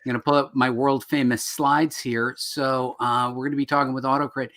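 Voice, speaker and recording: A man's voice: mid-range voice, little pitch movement, brisk, fairly bright tone. Chatty, rambling male co-host. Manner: jokey, rambling, lots of fillers. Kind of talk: casual live-stream chat.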